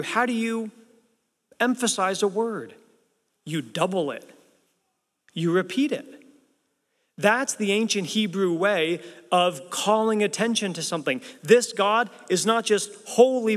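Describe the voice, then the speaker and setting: A man's voice: on the high side, fairly bright tone. A man preaching a sermon in a church, speaking with emphasis and asking his listeners rhetorical questions. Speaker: pastor. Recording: long reverb of a large hall.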